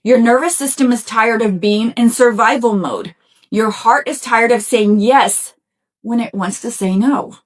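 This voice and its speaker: A middle-aged woman with a slightly raised pitch speaks as a podcast host. She gives a motivational self-help talk in a warm-hearted, conversational way, addressing listeners directly and often asking "right?". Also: a little slow. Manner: encouraging and conversational, talks straight to listeners; folksy, with frequent "y'all" and "right?".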